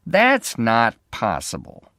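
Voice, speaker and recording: A flat, unfriendly private detective speaks in slow, deliberate words, as a male narrator plays him. He lets each phrase land with measured weight. The recording is close and dry. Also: mid-range voice, no echo, voice pushed up, full character voice. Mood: calm reassuring.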